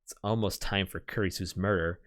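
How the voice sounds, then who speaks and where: A man's voice: sits low, steady tone, a little fast, fairly bright tone. A man streamer reading a visual novel aloud, narrating earnestly and anxiously.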